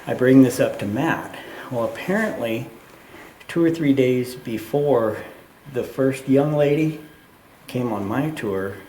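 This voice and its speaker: Mellow-voiced man telling a ghost story. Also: medium pitch, slow. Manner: animated retelling with acted quotes. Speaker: tour guide. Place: underground mine tunnel. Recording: echoey tunnel, faint noise.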